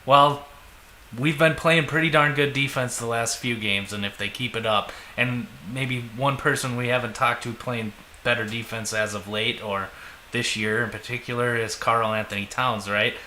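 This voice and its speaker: A man's voice: medium pitch, fairly even intonation, moderate pace, sharp tone. Easygoing Minnesotan man in an echoey room. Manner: easygoing, joking, chuckles often. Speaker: podcast co-host. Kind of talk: casual sports chat. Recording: echoey room, faint noise.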